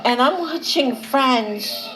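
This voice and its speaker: Loopy, medicated woman, high voice, very slow drawn-out delivery, noisy home camera audio. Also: lively intonation, a crowd in the background. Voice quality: slow, drawn-out, slightly slurred talk. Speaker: vlogger. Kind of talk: casual home video. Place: home living room at night. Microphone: handheld camera.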